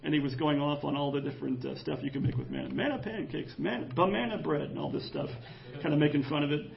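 A man preaching an animated, jokey sermon in church, acting out quoted voices. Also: fairly high pitch, quick pace, creaky, lo-fi sound, slight background noise. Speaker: pastor.

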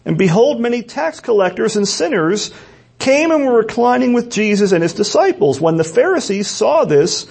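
A man's voice: sits high, sing-song, normal speed, vocal fry, darkish tone, slightly rough. A man preaching a sermon in an earnest, emphatic way, often repeating key words for stress. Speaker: pastor.

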